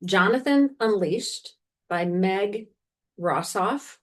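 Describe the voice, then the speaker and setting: A woman from Washington, D.C., co-hosts a podcast, recommending books in a casual, rambling chat and frequently correcting herself. Her mid-range voice is expressive and slow-paced.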